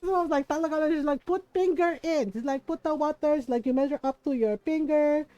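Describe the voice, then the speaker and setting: A woman's voice: high voice, fairly quick, warm tone, dull audio. A woman streaming a game, chatting casually and telling stories, acting out what her family said. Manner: chatty anecdotal storytelling, acts out family quotes. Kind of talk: casual live-stream chat while playing.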